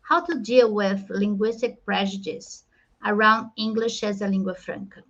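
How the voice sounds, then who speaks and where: Woman, moderator, reading audience questions, careful and halting, dull lo-fi audio. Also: mid-range voice, a bit bright.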